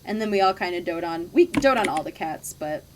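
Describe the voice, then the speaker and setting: A woman's voice: on the low side, expressive, brisk, noisy background. A young woman chatting casually while streaming a game, laughing often and swearing offhandedly. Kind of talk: casual gaming stream chat.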